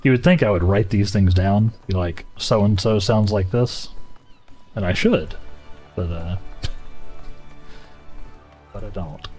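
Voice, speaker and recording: Rambling Southern-accented streamer. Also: male voice, sits low, measured pace, long pauses, warm tone. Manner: rambling, self-correcting, chuckling. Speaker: livestreamer. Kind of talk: casual gaming livestream chat. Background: faint game music.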